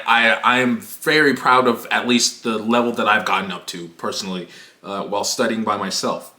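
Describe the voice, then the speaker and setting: Animated young man ranting, echoey room. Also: mid-range voice. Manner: animated, profane, exaggerated. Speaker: YouTuber. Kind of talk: comedic storytime rant.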